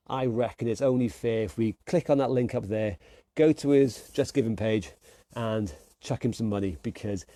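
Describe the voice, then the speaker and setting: A man leads an online fitness class, calling out punches and countdowns with cheerful encouragement. His mid-pitched voice is warm and mellow. The sound is close and dry. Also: no room sound. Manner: upbeat, encouraging, calls out moves and counts. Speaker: fitness instructor. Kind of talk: online workout class coaching.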